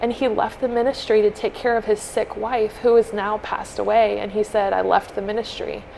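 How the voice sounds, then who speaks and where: A woman co-hosting a podcast, telling a heartfelt story in an earnest, casual way and softly acting out what people said. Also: medium pitch, flat delivery, normal speed, vocal fry, slight background noise, low-quality recording. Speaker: podcast co-host.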